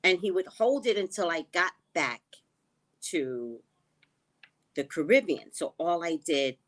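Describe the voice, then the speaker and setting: A woman running a spiritual vlog, talking slowly and reflectively and often dropping to a hushed tone. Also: lowish voice. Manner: slow, musing, often drops to a hushed tone. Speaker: spiritual reader and vlogger. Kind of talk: reflective personal talk. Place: living in the Caribbean.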